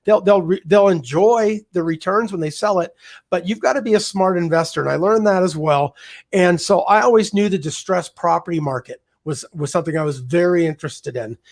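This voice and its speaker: A man, a real estate investor guest on a podcast, telling his story in a candid, energetic way. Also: high voice, brisk, creaky. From United States. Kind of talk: casual storytelling interview.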